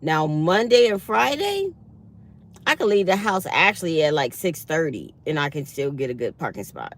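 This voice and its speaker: A woman, chatting casually to her viewers from her parked car, telling lively stories with acted-out quotes. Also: sits low, moderate pace. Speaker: vlogger. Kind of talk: casual morning chat to viewers.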